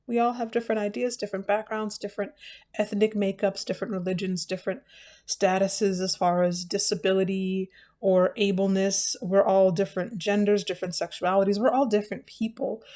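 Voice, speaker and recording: A woman's voice: medium pitch, a little mellow. Tired, chatty woman vlogging. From United States. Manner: chatty, self-mocking, drawn-out asides. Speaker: book channel host. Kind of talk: casual chat to camera.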